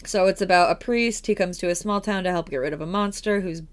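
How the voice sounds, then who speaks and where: Giggly rambling woman podcaster, lowish voice. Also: fast talker. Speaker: podcast co-host. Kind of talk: casual chat about horror films.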